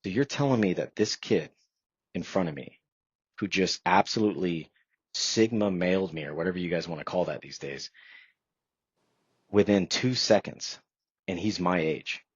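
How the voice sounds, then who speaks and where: Low husky-voiced man telling his story. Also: normal speed, long pauses, no echo. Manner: earnest, reflective, filler-heavy storytelling. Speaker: podcast guest. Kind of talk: personal storytelling in a podcast interview. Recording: dry, slightly dull podcast audio.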